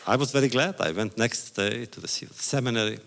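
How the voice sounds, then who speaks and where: A man's voice: medium pitch, gravelly, a bit bright, a little hiss or hum. Older man lecturing in a reverberant hall. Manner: measured, deliberate phrasing with pauses. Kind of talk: public lecture with storytelling. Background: audience laughter.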